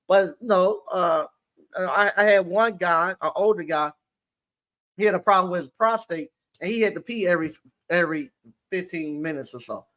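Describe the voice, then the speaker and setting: A man, an appliance repair business owner, telling stories in a casual interview with a halting, rambling delivery full of restarts. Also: high-pitched, fairly bright tone.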